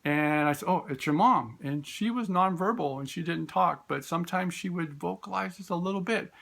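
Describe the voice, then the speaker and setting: A man, a special education teacher, telling classroom stories in a relaxed, storytelling way. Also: high-pitched, moderate pace, creaky. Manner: warm storytelling, acts out voices in quotes; frequent fillers and restarts. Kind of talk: informal talk with classroom stories.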